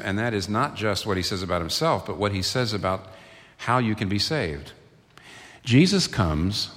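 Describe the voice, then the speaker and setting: A man's voice: lowish voice, fairly bright tone. A man preaching a sermon as pastor, earnest and building to emphatic peaks. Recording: long reverb of a church hall.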